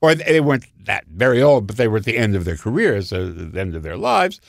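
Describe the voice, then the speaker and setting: A man telling show-business stories in casual conversation, animated and theatrical, acting out quotes. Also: fairly low pitch, brisk, gravelly, no echo. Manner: animated, theatrical storyteller who acts out quotes. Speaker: guest storyteller.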